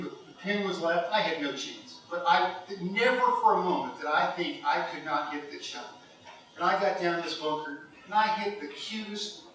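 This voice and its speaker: Middle-aged guy from ohio, lively storyteller, laughs a lot, kinda high bright voice. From Cincinnati, Ohio. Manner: animated storyteller, laughs often. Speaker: golf hall of fame inductee. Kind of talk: induction speech storytelling. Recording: echoey hall, mic far off.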